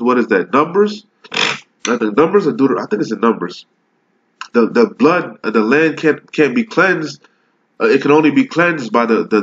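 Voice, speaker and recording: A man preaching a fiery, profane sermon, ranting and swearing and tagging nearly every point with "okay?". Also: medium pitch. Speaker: street preacher. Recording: muffled lo-fi recording.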